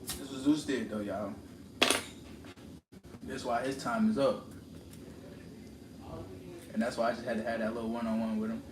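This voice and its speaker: A man's voice: mid-range voice, normal speed, long pauses. A man streaming live, talking in a confrontational, preachy rant and repeating lines for emphasis. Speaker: livestreamer. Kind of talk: ranting live stream monologue. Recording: roomy echo with steady background noise.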